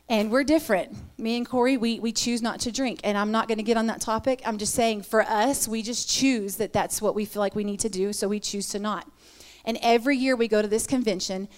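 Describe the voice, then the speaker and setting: Earnest woman giving a sermon talk. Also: on the high side. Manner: earnest, animated storytelling. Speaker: women's ministry speaker.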